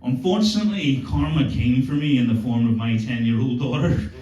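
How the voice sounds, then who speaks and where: On a comedy club stage, a man in his forties with a mellow, mid-range voice talks fairly quickly. His stand-up set is full of crude, cocky stories about his family, and the distant mic picks up the room's echo and the crowd.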